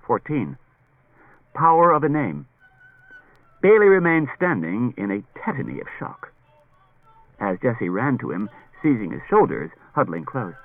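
A man's voice: on the low side, husky, phone-quality sound. A man reading a novel aloud as an audiobook narrator, telling the story expressively. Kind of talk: scripted narration.

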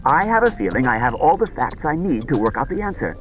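A man's voice: mid-range voice, very animated, fast, soft background music, pitched above the performer's own voice, close to an everyday voice, rough recording. A man doing a frantic, worn-out detective. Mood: desperate. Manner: strained, raised and urgent. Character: tense, worn-out male detective at his limit.

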